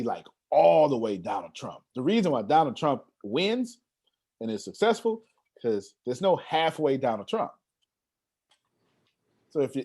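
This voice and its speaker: A man leads an online meeting over a video call, and his voice swings up and down in lively waves. He talks in a casual, streetwise way and keeps circling back to repeat his points. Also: mid-range voice. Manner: animated, streetwise slang, repeats himself. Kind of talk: casual motivational talk.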